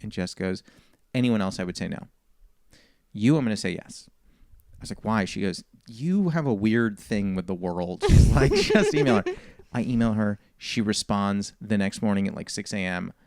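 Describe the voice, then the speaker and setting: A man's voice: on the low side, normal speed, clear, resonant tone, no room sound, clean studio sound. A man and comedian telling a long story in a casual podcast chat, acting out the people in it. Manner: animated storyteller, quotes people. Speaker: comedian guest.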